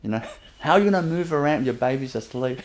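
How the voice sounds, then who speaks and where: A man giving a spiritual teacher's webinar talk, gently, chuckling often and repeating his phrases. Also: mid-range voice, lively intonation, quick pace.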